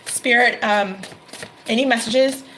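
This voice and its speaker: Tarot reader, woman, middle-aged, a bit high-pitched, emphatic and repetitive, faint hiss behind. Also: slow pace. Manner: emphatic, repeats phrases, exclaims. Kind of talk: tarot reading to camera.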